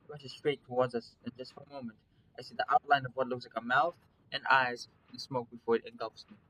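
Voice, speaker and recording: A man's voice: medium pitch, little pitch movement, fast talker, bright, forceful tone, slight background noise, rough recording. Man dramatically narrating a visual novel. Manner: dramatic first-person storytelling. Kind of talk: reading a visual novel aloud.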